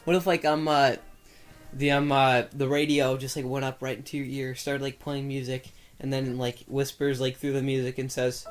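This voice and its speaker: A man's voice: mid-range voice, flat delivery, moderate pace, over loud music. A young man hosting a casual podcast chat, rambling through a hypothetical and pushing with repeated questions. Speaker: podcast host.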